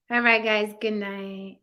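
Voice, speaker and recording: A young woman ends her livestream in a relaxed chat, reading out viewers' comments, laughing, and teasing them with slang. Her mid-range voice is heard on a muffled recording.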